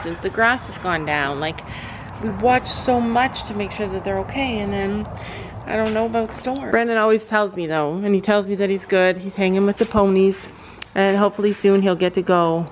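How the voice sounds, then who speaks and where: A woman's voice: mid-range voice, moderate pace, slight background noise, low-quality recording. A woman vlogging outdoors at a horse barn, talking in a rambling way with many restarts and fillers. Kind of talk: casual vlog chat.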